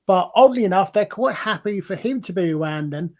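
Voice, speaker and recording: Hesitant English man with a high voice. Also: animated, normal speed. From England. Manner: hesitant, weighs his words with stammered starts. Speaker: podcast panelist. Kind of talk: casual panel discussion.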